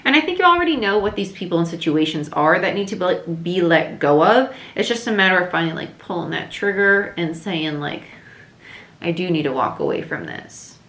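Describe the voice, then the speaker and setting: A woman giving a casual, chatty tarot reading to camera, thinking aloud with fillers, a little hoarse. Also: on the low side, big pitch swings, brisk, fairly bright tone, echoey room. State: slightly losing her voice. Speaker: tarot reader.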